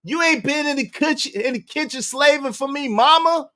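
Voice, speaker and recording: A man's voice: very high-pitched, normal speed, sharp tone, pitched above the performer's own voice. A man imitating a spoiled young boy who whines and complains to his mother, in a mocking voice. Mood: whiny mocking.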